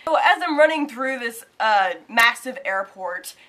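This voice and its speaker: Young woman vlogger, high voice, lively and casual storyteller who swears offhandedly. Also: unhurried. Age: young adult. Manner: animated, swears casually, acts out quotes.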